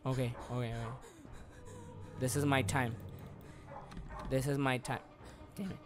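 A man's voice: mid-range voice, flat delivery, a little slow. A man streaming live gameplay, frustrated, swearing and repeating himself as he talks through the game.

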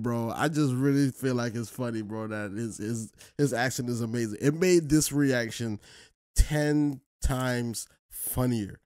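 A man's voice: mid-range voice, unhurried, a little mellow, no echo. Casual slangy man, reaction host, dry close recording. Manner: laid-back slangy, says bro a lot. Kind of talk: casual chat.

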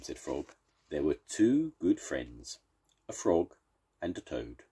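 An older man, a grandfather, reading a children's storybook aloud, slow and expressive. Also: a bass voice, slightly rough. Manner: slow, expressive read-aloud with warm sign-offs.

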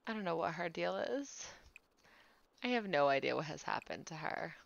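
A woman's voice: on the low side, lively intonation, normal speed, creaky, no room sound, muffled recording. A woman streaming a life-simulation game, chatting casually and teasing the characters on her screen. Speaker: gaming streamer. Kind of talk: casual live-stream commentary.

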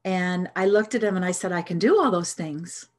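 A woman's voice: lowish voice, moderate pace, darkish tone. A middle-aged woman telling a personal story in an earnest, reflective way, with hesitant restarts. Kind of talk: storytelling talk.

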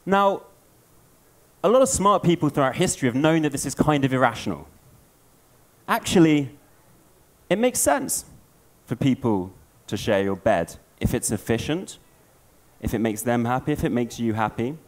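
A man giving a storytelling conference talk, an animated storyteller. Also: mid-range voice, normal speed. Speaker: conference speaker.

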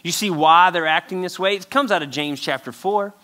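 A man's voice: sits high, a little fast, bright, forceful tone. A male pastor preaching a sermon in an emphatic, conversational way, acting out little quotes.

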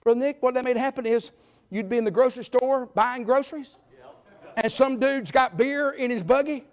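A middle-aged man preaching a sermon in a church, folksy and emphatic, swinging between loud calls and quiet asides. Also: very high voice, moderate pace. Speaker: guest preacher. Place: church sanctuary.

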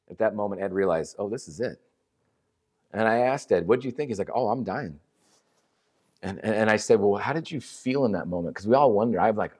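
A middle-aged man preaching to a church, earnest and conversational, telling a story with many restarts. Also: on the low side. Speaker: ministry leader speaking at a church. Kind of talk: sermon with storytelling.

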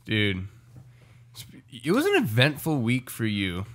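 A young man co-hosting a casual podcast chat, loud and teasing, with crude jokes. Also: mid-range voice, huge pitch swings, unhurried. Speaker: podcast co-host.

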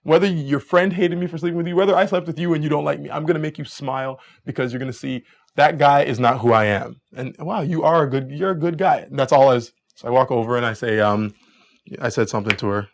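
A young adult man giving a live dating lecture as a coach, energetic and chatty, acting out quoted lines in higher voices. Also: fast talker, vocal fry.

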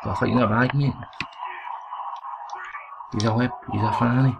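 Gravelly Scottish man swearing at a game. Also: mid-range voice, steady tone, normal speed. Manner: sweary, rowdy, shouting at the game. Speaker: gaming channel host. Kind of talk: let's play commentary. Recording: loud game and clicking noise behind.

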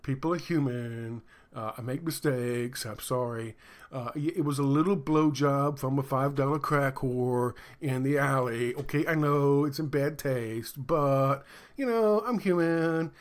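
A man's voice: medium pitch, measured pace, lightly acted. A man putting on a smug middle-aged male politician who talks in a folksy, wheedling, self-excusing way.

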